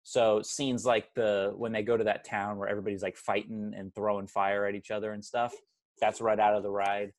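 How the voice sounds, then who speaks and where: Young male podcast co-host, low-pitched, chatty and rambling. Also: little pitch movement, brisk. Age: 20s. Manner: rambling, self-correcting, chatty. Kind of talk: casual movie podcast chat.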